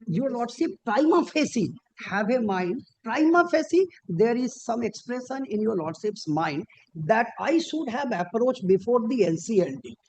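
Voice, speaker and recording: A man arguing formally before a judge as an advocate, deferential and halting, with frequent restarts and emphatic rises on key points. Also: extremely high pitch, big pitch swings, darkish tone, a little hiss or hum, rough recording. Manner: deferential, peppered with repeated formal address to the bench. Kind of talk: formal courtroom argument. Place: courtroom.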